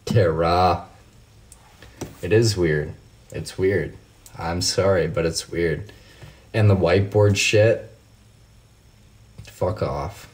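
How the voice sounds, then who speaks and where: A man's voice: low voice, takes it slowly, pauses often. A man hosting a casual livestream, reading out viewer comments and ranting with heavy swearing. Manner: profane, heated ranting. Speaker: livestream host.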